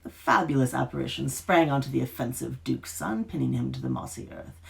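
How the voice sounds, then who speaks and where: Woman author, live reading; gravelly, lively, dramatic delivery. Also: a bass voice, a little fast.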